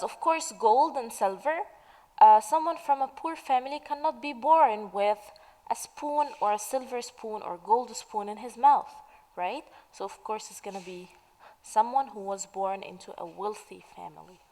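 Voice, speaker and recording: A woman teaching the meaning of idioms in a slow, patient way, asking questions and then answering them. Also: medium pitch, mellow, big-room sound, rough recording. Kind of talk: slow explanatory lesson narration.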